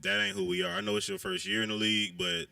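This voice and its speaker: A man's voice: high-pitched, little pitch movement, fast, gravelly, pushed and bright, dry recording, recorded from a distance. A man co-hosting a casual basketball talk show, laid-back and direct, with lots of slang. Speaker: podcast co-host. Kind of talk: casual sports chat.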